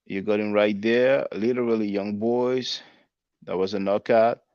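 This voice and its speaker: Low-voiced man reading chat comments. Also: steady tone, a little slow, darkish tone, clear, resonant tone, no room sound, muffled recording. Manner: conversational, spells words out, laughs at comments. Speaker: channel host reading live chat.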